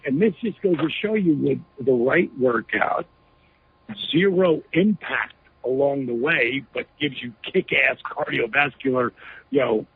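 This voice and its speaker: Husky man on a tinny phone line. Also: mid-range voice, dry recording. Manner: emphatic, lots of "you know" fillers. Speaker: interview guest. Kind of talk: casual interview storytelling.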